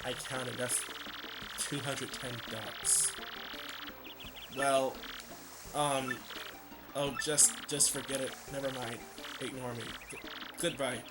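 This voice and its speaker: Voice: medium pitch, fairly even intonation, takes it slowly, long pauses. A man doing a timid, stammering young turtle. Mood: nervous. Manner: hesitant, stammering, quiet. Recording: game music playing behind.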